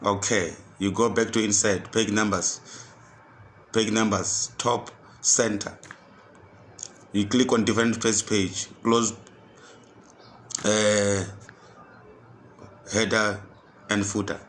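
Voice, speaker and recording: Male tutor, low voice, unhurried, repeats each click aloud, faint hiss behind. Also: little pitch movement, a bit bright. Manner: repetitive step-by-step instructions, restating each step. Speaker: computer skills tutor. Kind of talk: screen-recorded software tutorial.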